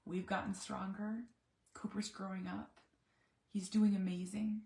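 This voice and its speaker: A woman's voice: mid-range voice, little pitch movement, measured pace, a little mellow, reverberant. A middle-aged woman, a mother of an autistic son, talking candidly in a personal vlog, reflective and searching for words with many restarts.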